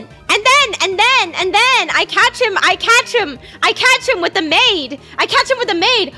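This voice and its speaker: A woman's voice: very high voice, lively intonation, measured pace, sharp tone, soft background music. A young woman from Canada's west coast, streaming and chatting casually while gaming, giggly and rambling. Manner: giggly, rambling, lots of restarts and repeats.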